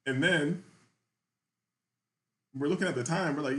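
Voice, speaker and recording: A man's voice: a little high, measured pace, a bit bright. Laid-back man telling a slangy story. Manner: loose and slangy, keeps asking "you feel me". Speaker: podcast host. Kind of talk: casual storytelling.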